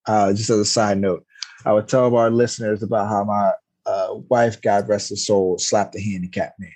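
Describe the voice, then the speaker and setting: A man telling a wild story on a podcast in casual chat, profane and animated, his voice jumping high when he quotes people. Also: normal speed. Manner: animated, jumps to high-pitched outbursts when quoting. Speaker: podcast host.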